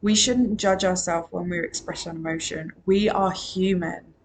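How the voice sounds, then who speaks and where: A woman's voice: lowish voice, steady tone, normal speed, slight background noise. A woman and emotional wellbeing coach giving a solo podcast monologue. She talks in an earnest, emphatic way and repeats her key phrases.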